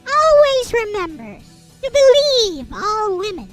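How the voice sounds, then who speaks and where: A smug troll with a piercing, squeaky voice that swoops up and down as it reads in a sarcastic, mock-solemn tone, as a streamer puts it on. Faint music plays behind it. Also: sing-song, slow, fairly bright tone, heavily acted. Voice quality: very high, squeaky put-on voice. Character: squeaky high-pitched troll, mocking and smug. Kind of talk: reading satirical prose aloud in a character voice.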